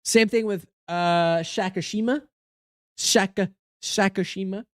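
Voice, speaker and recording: A man's voice: sits high, steady tone, unhurried, fairly bright tone, no room sound, clean studio sound. A man talking casually to his livestream chat, goofy and joking as he reviews game cards.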